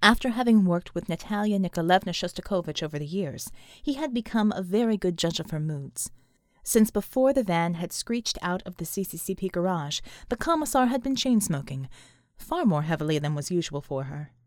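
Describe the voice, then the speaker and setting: A woman's voice: lowish voice, animated, brisk, no echo, clean studio sound. A woman reading an action novel aloud as audiobook narrator. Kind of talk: scripted narration.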